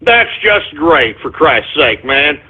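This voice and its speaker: Ranting radio host guy, berates his listeners, high-ish voice, tinny phone line. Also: sing-song, slow pace, breathy edge. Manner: exasperated, berating, swears often. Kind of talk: ranting call-in radio monologue.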